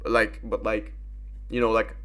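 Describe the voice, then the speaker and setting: A man's voice: on the low side, completely flat delivery, unhurried, pushed and bright. A young man giving rambling, casual commentary while gaming, full of fillers and swearing.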